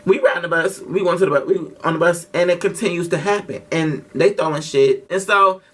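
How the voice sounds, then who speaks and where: A man's voice: fairly high pitch, a little fast, a bit bright, far from the mic. A man telling a story casually to his vlog audience, slangy and profane, with lots of restarts. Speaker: vlogger.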